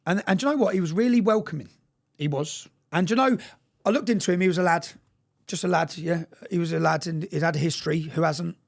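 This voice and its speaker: A man telling a story fast and bluntly in a casual interview, swearing freely and often checking in with "yeah?". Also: a little high, vocal fry.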